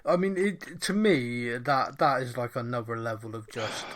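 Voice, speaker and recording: A man from Bristol with a Bristolian accent, chatting on a podcast at a mid pitch. He tells stories with a lot of energy, laughs often and acts out the people in them. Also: normal speed, noisy background. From Bristol, England. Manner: animated storyteller, laughs often, acts out voices. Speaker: podcast co-host. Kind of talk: casual chat.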